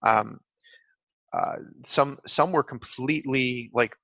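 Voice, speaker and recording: Casting: man podcast co-host, gravelly edge, chatty filler-heavy delivery, dull lo-fi mic. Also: medium pitch, slow, fairly bright tone, no echo. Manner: chatty, explains with many "like" fillers. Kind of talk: casual podcast chat. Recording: dull lo-fi dry mic sound.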